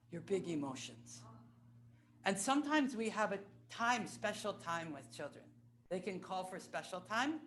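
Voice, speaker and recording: A woman giving a keynote talk on religious education, earnest and deliberate, stretching words for emphasis. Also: mid-range voice, lively intonation, a little hiss or hum. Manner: earnest, slow, with drawn-out emphasis; sings and acts out cries while teaching. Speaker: keynote speaker.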